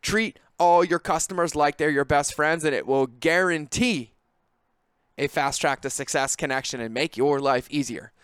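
A man's voice: on the high side, moderate pace, a bit bright, clear, resonant tone, no room sound. A man hosting a podcast, giving a direct, coaching business monologue that turns emphatic. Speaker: podcast host.

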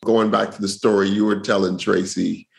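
A man's voice: lowish voice, flat delivery, normal speed, vocal fry. A man, a comedian co-hosting a podcast, giving easygoing rambling feedback with laughs. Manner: laughing, rambling, repeats himself. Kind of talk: casual chat.

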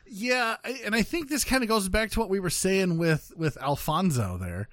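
A man's voice: sits high, lively intonation, normal speed, no room sound, studio quality. A man hosting a casual news podcast, joking and rambling with many fillers and restarts. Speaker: podcast host.

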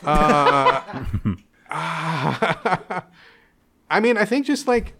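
A young man telling a candid personal story in an interview, animated, acting out his parents' voices and laughing often. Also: fairly high pitch, very slow, vocal fry, very noisy. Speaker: interview guest.

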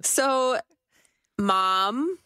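A woman's voice: a little high, expressive, drawn-out words, sharp tone, clean tone, dry recording. A young woman co-hosting a podcast in casual chat, riffing sarcastically and acting out quoted asides. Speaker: podcast co-host.

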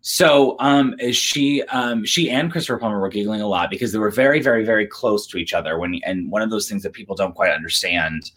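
A man's voice: lowish voice, brisk, few pauses. A man co-hosting a casual movie trivia show, telling long rambling stories full of fillers. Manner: rambling storyteller with many fillers, animated. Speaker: podcast co-host.

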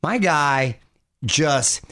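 A middle-aged man hosting a radio show, chatting casually and playfully with his co-host, often jumping to high exclaims. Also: animated, very slow, sharp tone.

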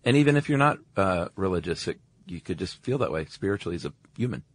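A man's voice: low-pitched, sing-song, quick pace. A man co-hosting a podcast, casually explaining facts with lots of filler words and easy laughs. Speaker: podcast co-host. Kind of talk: casual chat.

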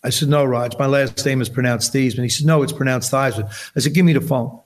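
Fast and mid-range, this is a man in his seventies from New Jersey chatting on a podcast. He's an animated storyteller who acts out each character's lines as he goes.

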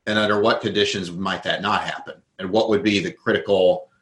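Low-voiced man explaining in an echoey room. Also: fairly even intonation, fairly quick, fairly bright tone. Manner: thoughtful, explains with worked examples. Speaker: guest. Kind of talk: conversational interview.

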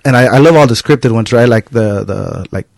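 Male podcast host, relaxed and rambling, mid-pitched, recorded dry. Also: brisk, gravelly, no echo. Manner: rambling, full of "like" fillers. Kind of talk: casual conversational interview.

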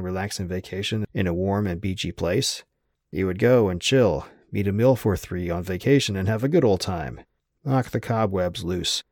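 A man narrating an audiobook in a steady, wry storytelling manner. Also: deep voice, no echo, clean studio sound.

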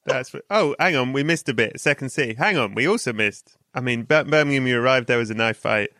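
An English man hosts a relaxed chat, his tone bright and forward as he teases and laughs along with his guest. The recording is close and dry, with no room around the voice. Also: mid-range voice, fairly quick, dry recording. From England. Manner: chatty, laughs easily, playful asides. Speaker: podcast host. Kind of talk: casual interview chat.

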